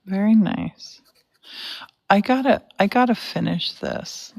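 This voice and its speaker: A woman chatting in a relaxed way while she paints, hosting the session. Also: medium pitch, slow, creaky, no echo. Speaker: painting host. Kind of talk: casual chat while painting.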